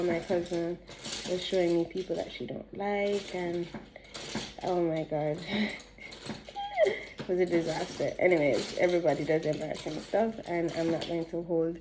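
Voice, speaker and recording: A young Jamaican woman with a fairly low, mellow voice rambles through a chatty story while doing her makeup for her beauty vlog. She laughs between sentences, and there's a little hiss or hum in the recording.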